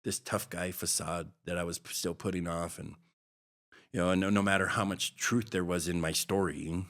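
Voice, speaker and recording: Very deep-voiced middle-aged man, earnest. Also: fairly even intonation, moderate pace, a bit bright. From Hawaii. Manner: earnest, rambling, heavy with fillers. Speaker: podcast guest. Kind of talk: personal storytelling interview.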